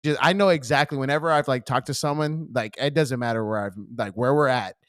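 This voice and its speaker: A man's voice: mid-range voice, fairly quick, clean tone, no echo, studio quality. A man from near Corpus Christi, hosting a casual interview and telling stories with big laughs. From near Corpus Christi, Texas. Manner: animated storyteller, laughs loudly. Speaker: podcast host.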